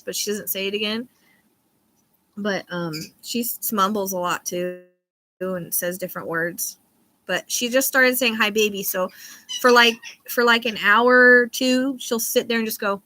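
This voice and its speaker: Female livestream host, psychic chat, bright tone, loose and rambling delivery. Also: a little high, moderate pace. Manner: rambling, often loses her train of thought; laughs easily between thoughts. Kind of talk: casual live-stream chat.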